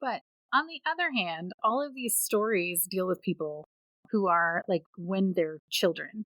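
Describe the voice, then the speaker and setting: A woman's voice: lowish voice, measured pace, no room sound, rough recording. Woman telling spooky stories on a podcast. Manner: animated storyteller, acts out quoted voices. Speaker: podcast co-host. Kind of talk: casual storytelling chat.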